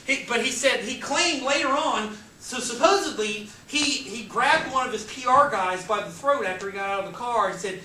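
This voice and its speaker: A man's voice: very high-pitched, expressive, moderate pace, few pauses, sharp tone. A man giving an informal classroom lecture, reading passages aloud and breaking in with joking, sarcastic asides. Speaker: college lecturer. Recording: echoey classroom, distant mic, faint hiss.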